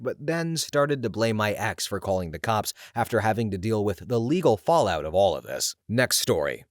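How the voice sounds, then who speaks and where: A man narrating scripted stories in an expressive, animated way. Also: medium pitch, no room sound, clean studio sound. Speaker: story reader.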